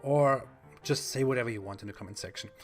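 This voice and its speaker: A man with a German accent hosting a video, talking in a blunt, mocking monologue with pauses and fillers. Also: mid-range voice, soft background music. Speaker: video host.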